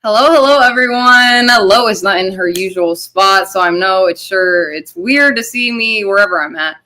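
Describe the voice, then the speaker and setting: Bright-voiced woman hosting a livestream. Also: mid-range voice, moderate pace. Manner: rambling, loose and profane, reading chat shout-outs. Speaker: livestream host. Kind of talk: casual livestream chat.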